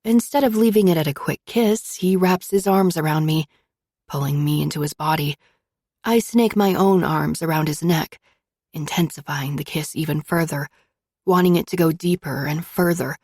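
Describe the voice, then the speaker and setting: A woman's voice: low voice, moderate pace, darkish tone, no room sound, clean studio sound. A woman narrating a first-person romance audiobook in an intimate, emotional storytelling manner.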